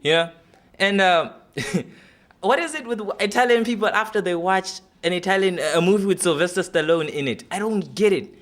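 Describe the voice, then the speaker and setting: A man's voice: high-pitched, moderate pace, a bit bright. Young man doing stand-up. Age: 20s. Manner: loose, chatty, full of fillers. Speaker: stand-up comedy contestant. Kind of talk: stand-up comedy audition.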